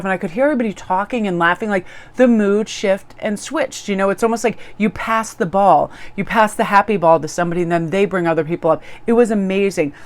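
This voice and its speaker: A woman tarot reader chatting casually to her viewers in a bubbly, gushing way. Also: mid-range voice. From Korean heritage, living in New England.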